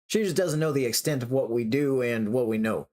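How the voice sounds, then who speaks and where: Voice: brisk, darkish tone, close to an everyday voice. A reader doing a mumbling, reluctant man. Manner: mumbling, low-key.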